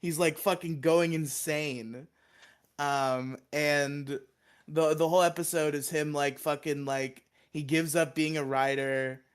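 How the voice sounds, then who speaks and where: Man, podcast co-host, smooth clear voice, a bit high, excited rambling chat. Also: takes it slowly. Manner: excited, rambling, swears and laughs often, acts out quoted lines. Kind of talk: casual chat, retelling a show's plot.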